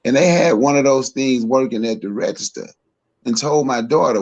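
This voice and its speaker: A man, co-hosting a podcast and giving his opinions emphatically, repeating himself and climbing higher as he gets worked up. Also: normal speed, darkish tone. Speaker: podcast co-host. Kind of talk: heated opinion talk.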